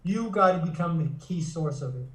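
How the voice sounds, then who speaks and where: A man's voice: on the high side, lively intonation, moderate pace, distant mic. A psychotherapist and author, a man, explaining things earnestly in an interview, often stopping to restart a phrase. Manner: earnest, teaching tone with frequent restarts. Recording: echoey room, voice away from the mic.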